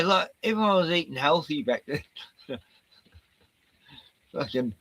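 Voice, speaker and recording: Middle-aged Aussie man, slow, gravelly, swears freely, rambles, breaks into laughs, baby-talks his dog. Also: on the high side, lively intonation, bright, forceful tone, no room sound, poor audio. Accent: Australian. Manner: profane, chatty, laughs often, coos at his dog. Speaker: streamer. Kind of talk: rambling casual monologue.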